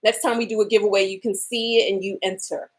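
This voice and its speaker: Hosting a laid-back livestream giveaway at home, this woman talks fast in a steady, mid-range voice. She chats, laughs, and reads viewer comments aloud.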